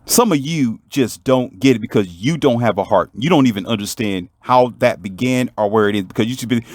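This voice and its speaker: A man's voice: mid-range voice, a little fast, few pauses, no room sound, clean studio sound. A man telling a story in a motivational monologue, emphatic and preachy, and talking straight to the viewer. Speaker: vlogger.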